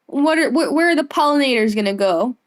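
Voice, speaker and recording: A woman's voice: sits high, expressive, fairly quick. Giggly young woman streamer. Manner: giggly, playful, rambling. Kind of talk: casual gameplay commentary.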